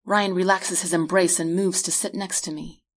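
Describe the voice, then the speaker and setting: A woman reading her own novel aloud as a measured first-person audiobook narration. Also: fairly low pitch, steady tone. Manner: measured storytelling read.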